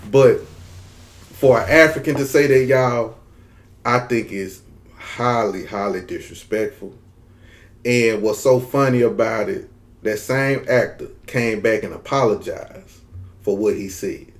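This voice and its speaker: A man's voice: on the low side, measured pace. A man from Mississippi with a country Southern drawl, telling a story in a casual, slangy monologue and dragging his words. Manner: laid-back, drags words, slangy, frequent "you know what I'm saying". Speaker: content creator.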